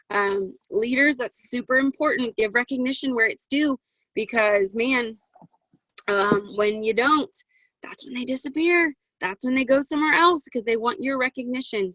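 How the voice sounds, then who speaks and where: Chatty, excitable young woman on a video call. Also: a little high, dry recording, rough recording. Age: 20s. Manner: chatty and excitable, peppered with "um" and "right?". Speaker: guest speaker on a sales team call. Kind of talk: motivational team coaching talk. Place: home walk-in closet.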